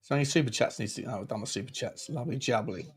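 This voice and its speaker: A man streaming a football watchalong, giving running commentary on the game with jokes and shout-outs to viewers. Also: medium pitch, racing, breathy edge. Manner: jokey, excitable, chats with viewers between plays. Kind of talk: live match commentary and chat.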